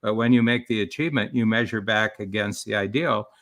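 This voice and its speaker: Gravelly, bright-voiced male coach. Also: on the low side, fairly quick. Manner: rambling, with many fillers and restarts. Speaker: business coach and author guest. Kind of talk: explaining ideas in a live-streamed interview.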